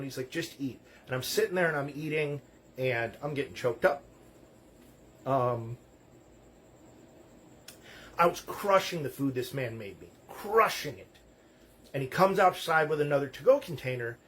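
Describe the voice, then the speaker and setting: A man's voice: a little high, slightly rough. A man speaking candidly and with emotion about a hard time in his life, in a loose conversational way with many fillers, close to tears. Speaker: storyteller. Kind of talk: personal story told to camera.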